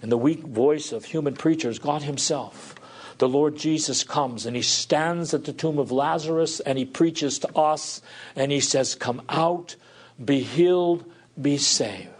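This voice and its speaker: A man's voice: on the high side, a little slow, husky. A man preaching a sermon as a pastor, reading scripture aloud and then explaining it in an earnest, reflective way.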